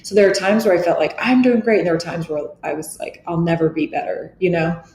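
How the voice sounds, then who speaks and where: A woman's voice: fairly low pitch, steady tone, fast, darkish tone. A middle-aged woman, a podcast guest, speaking earnestly and reflectively, often restarting her sentences. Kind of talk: candid interview talk. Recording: echoey room with faint noise.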